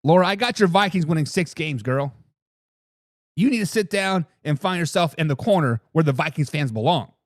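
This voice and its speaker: A man's voice: a little high, lively intonation, moderate pace, no room sound, studio quality. A man hosting a live sports talk show, trash-talking with brash energy as he answers viewers in the chat.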